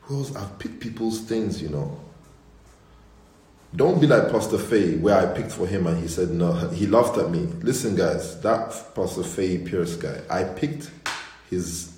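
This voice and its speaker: A young male pastor chatting casually on an online stream, telling animated stories and mimicking the people in them. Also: deep voice, unhurried. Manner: animated storytelling with mimicked voices. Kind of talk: casual online livestream chat. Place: indoors at home. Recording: roomy echo.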